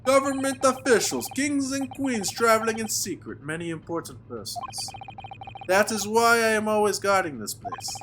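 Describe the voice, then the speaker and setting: A man voicing a gruff, hostile male sailor with a fake Russian accent, speaking blunt broken English over a noisy recording. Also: high-pitched, very animated, moderate pace, voice pushed up. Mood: boastful. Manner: broken English with dropped articles, blunt and proud.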